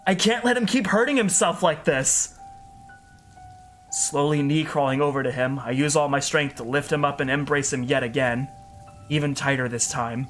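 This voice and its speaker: A man's voice: a little high, moderate pace, a bit bright, soft background music. A man giving an earnest, emotional first-person story narration as a storyteller.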